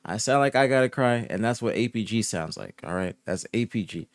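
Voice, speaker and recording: A soft-spoken young man talks casually on his live stream in a laid-back voice of middle pitch, sometimes sinking into low murmurs and sometimes climbing into higher, indignant protests. He often says the same thing twice. The sound is dry and close, with no room around it. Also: animated, fairly quick, no room sound. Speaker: streamer reporting esports news. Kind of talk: casual live-stream chat, reading and answering chat.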